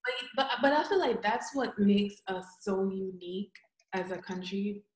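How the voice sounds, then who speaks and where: A young woman from Jamaica co-hosting a casual chat, lively and laughing as she tells stories. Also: mid-range voice, normal speed. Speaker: podcast co-host. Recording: echoey room.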